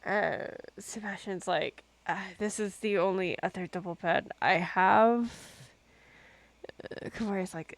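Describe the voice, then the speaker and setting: A woman running a tabletop role-playing game as game master, narrating calmly with hesitant fillers. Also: mid-range voice, a little slow.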